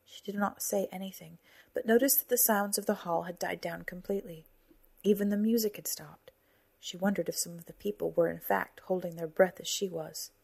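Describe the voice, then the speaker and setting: Soft, breathy woman narrating a story. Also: lowish voice. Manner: calm, soft-spoken and measured. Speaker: author and narrator of a fiction podcast. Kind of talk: storybook narration and casual podcast notes.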